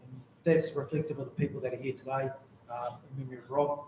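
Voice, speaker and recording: A man's voice: medium pitch, level tone, fast, mellow, a little hiss or hum. A man with a New Zealand accent gives a memorial speech full of rambling, jokey anecdotes about a friend. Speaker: mourner giving a tribute. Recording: very echoey room.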